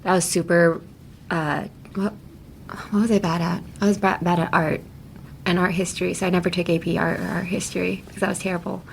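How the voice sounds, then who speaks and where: A young adult woman hosting a casual English lesson podcast, chatty and laughing often as she slowly models phrases. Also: lowish voice, level tone, gravelly, slight background noise. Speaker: English teacher host.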